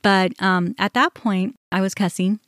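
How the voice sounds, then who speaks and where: Animated woman telling a personal story. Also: medium pitch, unhurried, dry recording, clean studio sound. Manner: animated, quotes herself and others, restarts when upset. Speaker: podcast host.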